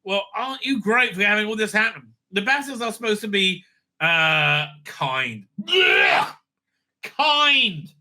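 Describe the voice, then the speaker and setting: Sharp, high-voiced ranting man. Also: animated, normal speed. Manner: profane, sneering ranting with many fillers. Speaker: channel host reacting to clips. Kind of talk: angry reaction commentary.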